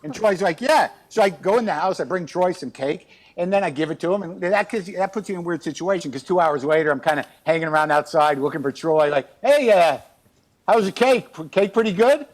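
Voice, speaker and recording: A man's voice: fairly high pitch, fast, hardly any pauses. A middle-aged man telling comic stories in a rambling, exasperated, self-mocking way over a remote video call. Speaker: guest. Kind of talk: comic storytelling chat. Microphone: remote video call from outside his house.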